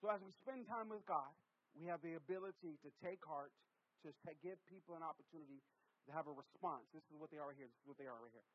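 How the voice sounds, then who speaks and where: A man in his thirties from the US West Coast preaching a sermon to a congregation, animated and jokey, with lots of repetition and restarts. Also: a little high, quick pace, no echo. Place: church hall with congregation. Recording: dull lo-fi sermon recording.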